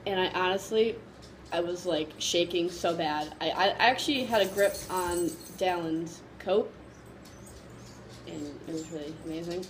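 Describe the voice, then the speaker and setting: A woman vlogger casually telling a story to camera, excited and gushing, rambling with lots of fillers. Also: on the low side, measured pace, slight background noise, low-quality recording.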